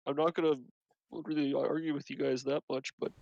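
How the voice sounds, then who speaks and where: A man's voice: fairly high pitch, level tone, a little fast, vocal fry, a little mellow, dry recording, lo-fi sound. A man playing a tabletop game, hesitant and full of ums as he bluffs in character. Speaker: player. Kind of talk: tabletop role-play.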